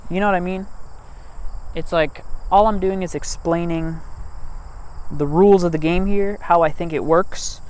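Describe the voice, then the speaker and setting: Sex: man. Pitch: fairly high. Style: rambling outdoor vlog. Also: fairly even intonation, moderate pace, pauses often, a little mellow, a little hiss or hum. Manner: joking and self-mocking, laughs often between thoughts. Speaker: vlogger. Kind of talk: rambling casual monologue. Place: open field outdoors. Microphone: cheap mic without proper wind protection.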